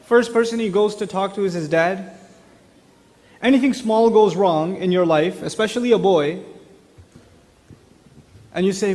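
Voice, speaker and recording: A man's voice: high voice, a little slow, long pauses, darkish tone, big-room sound. A man giving a religious talk on parenting, chatty, asking the audience questions. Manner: conversational, with rhetorical questions to the audience. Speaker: speaker on parenting.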